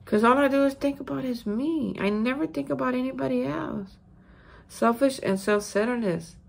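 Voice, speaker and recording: Gravelly, husky woman reflecting on recovery. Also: sits high, normal speed. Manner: emphatic, repeats words for stress. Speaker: recovery vlogger. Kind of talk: casual spoken daily reflection. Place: hotel room.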